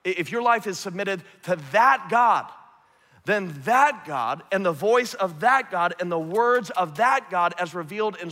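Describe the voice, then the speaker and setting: A man preaching a sermon, earnest, swinging from emphatic to hushed and soft. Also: a little high. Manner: earnest, rising to emphatic then dropping to hushed. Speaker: pastor. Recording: long hall reverb.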